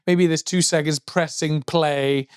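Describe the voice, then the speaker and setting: Guy, pretty high voice, rambly and jokey podcast chat, dry close mic. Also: steady tone, a little slow, smooth, no room sound. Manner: rambling, jokey, yelps high in mock vocals. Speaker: podcast co-host. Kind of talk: casual chat.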